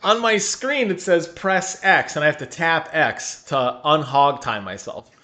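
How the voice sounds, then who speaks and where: Laughing man spinning an animated story. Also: on the high side, a little slow. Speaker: podcast co-host. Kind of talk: casual chat.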